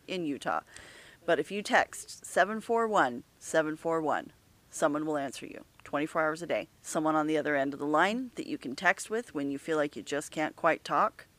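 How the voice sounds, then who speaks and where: A middle-aged woman talking openly and earnestly in a candid conversation, often halting and restarting her sentences. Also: sits low, a bit bright.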